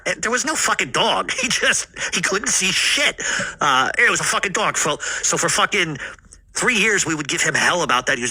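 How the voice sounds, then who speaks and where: A man from Rhode Island casually telling a family story, rambling, swearing a lot, and filling pauses with "uh". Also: a little high, lively intonation, bright, forceful tone, slightly rough, no echo. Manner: rambling, heavy swearing, frequent fillers.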